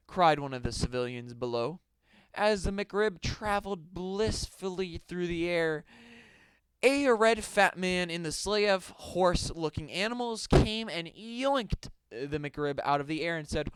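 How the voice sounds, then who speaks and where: Casting: young man, rambling comic storyteller, high, smooth voice. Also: expressive, unhurried, dry recording, poor audio. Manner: absurd, rambling, mock-dramatic. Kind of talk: comedic story reading.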